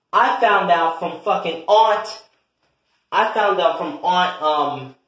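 A man voicing a loud, furious young adult daughter who curses and confronts her father in a comedy skit. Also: high voice, voice pushed up, full character voice. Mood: angry. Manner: brash, profane, confrontational. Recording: echoey room.

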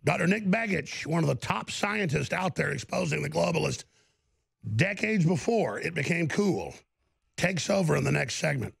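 A man's voice: a little high, expressive, moderate pace, creaky, breathy edge, dry recording. A man hosting a talk show, delivering an emphatic, rambling monologue.

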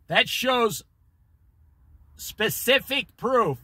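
A man's voice: extremely high pitch, expressive, extremely slow, pushed and bright, no room sound. A man leading an informal Bible study, preaching emphatically and talking straight to his listeners.

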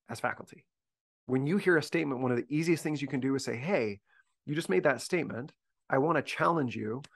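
A man's voice: medium pitch, vocal fry. A man briefing university faculty in a conversational discussion, earnest and thinking aloud with frequent restarts.

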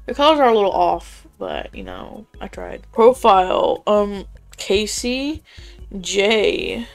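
A woman's voice: mid-range voice, big pitch swings, slow, gravelly. A young woman giving casual gameplay commentary, chatty and laughing often, reading game dialogue aloud and swearing casually. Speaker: gaming YouTuber.

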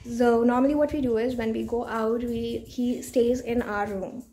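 High-voiced woman vlogging with her dog. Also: fairly even intonation, moderate pace, mellow, slight background noise. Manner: playful, scolding baby talk to a pet. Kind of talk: casual vlog, talking to her dog. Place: bedroom at home.

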